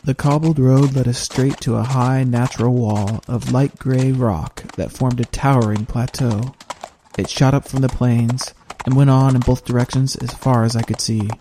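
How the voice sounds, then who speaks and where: A man reading a fantasy audiobook in steady, measured first-person narration. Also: medium pitch, a little hiss or hum.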